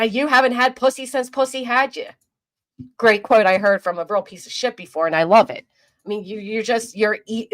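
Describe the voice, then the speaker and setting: A woman ranting through livestream commentary into a desk microphone, crude and openly vulgar. She mocks her target in a loose, rambling way, tripping over restarts as she goes. Her voice sits at a middle pitch. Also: a bit bright. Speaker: commentary streamer.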